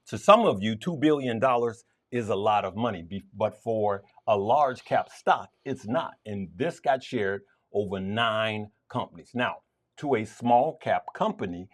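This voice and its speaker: A man hosting a stock trading show, talking viewers through charts in an emphatic, repetitive way. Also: fairly low pitch. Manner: emphatic, lively, repeats points for stress. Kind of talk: market commentary to viewers.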